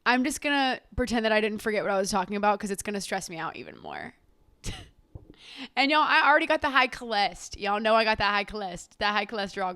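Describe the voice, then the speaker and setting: A woman's voice: medium pitch, fairly bright tone, no echo, clean studio sound. A young adult woman hosting her own podcast, talking casually in a sassy, chatty way and swearing freely. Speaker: podcast host. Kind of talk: casual chat.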